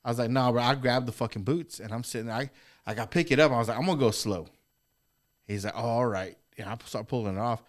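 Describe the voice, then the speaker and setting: A podcast co-host tells a story in casual chat, animated and acting out quotes with plenty of swearing. He speaks fast in a medium-pitched voice.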